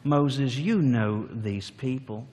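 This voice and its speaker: A man's voice: mid-range voice, slow pace, a little mellow, long reverb tail, pitched below the performer's own voice, close to an everyday voice. A man voicing a flustered older man who makes excuses and shifts the blame. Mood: coaxing. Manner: pleading, excuse-making.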